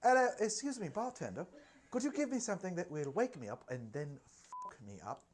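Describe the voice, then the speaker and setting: A man's voice: high voice, sing-song, fairly quick, pitched above the performer's own voice. A man putting on a young female model's voice, ordering a drink at a bar. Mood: demanding.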